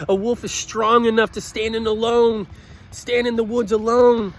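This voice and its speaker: There's a little hiss or hum behind this man's high, fairly bright voice. Choked with emotion, the motivational speaker pleads earnestly and says his points again and again.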